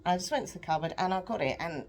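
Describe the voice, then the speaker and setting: A young adult British woman chatting in a rambling, self-deprecating way on a home vlog, her voice a bit croaky, laughing often. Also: lowish voice, animated, racing, a little hiss or hum. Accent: British English. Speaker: vlogger. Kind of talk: casual confessional vlog chat.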